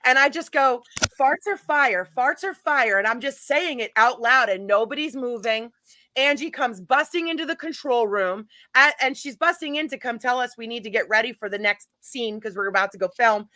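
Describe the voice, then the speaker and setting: A woman's voice: fairly high pitch, fairly quick, no room sound. A woman who organizes paranormal events, telling a funny story in a casual chat and laughing as she goes. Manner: animated, laughs while telling stories.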